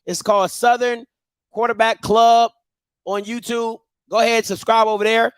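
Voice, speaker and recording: A man's voice: extremely high pitch, flat delivery, normal speed, clean tone, no echo. A man hosting a live call-in sports talk show, laid-back and teasing.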